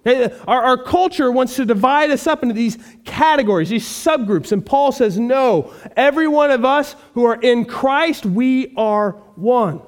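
A man's voice: extremely high pitch, normal speed, few pauses. A male pastor preaching a sermon, earnest and emphatic, repeating key phrases for weight.

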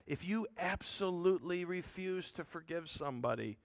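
A man's voice: high voice, expressive, moderate pace, no echo, studio quality. A man preaching a sermon, explaining a scripture passage in an earnest, emphatic way with rhetorical asides to his listeners.

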